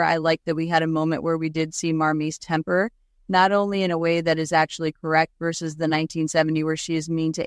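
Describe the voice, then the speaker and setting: A woman's voice: deep voice, clean tone, no room sound, clean studio sound. A woman co-hosting a podcast, talking through a film adaptation in a chatty, reflective way. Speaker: podcast co-host. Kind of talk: casual chat.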